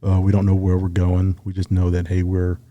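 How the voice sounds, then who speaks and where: A middle-aged man, a retired Navy SEAL sniper, telling his story in a relaxed, casual interview. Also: deep voice, brisk, lo-fi sound. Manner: relaxed storyteller, acts out quoted dialogue.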